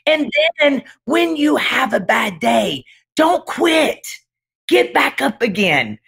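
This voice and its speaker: A middle-aged woman, a pastor and guest speaker, gives a dramatic, emphatic testimony in conversation, hammering points home with repeated refrains. Her high voice is gravelly, husky, a bit bright and very animated, yet slow.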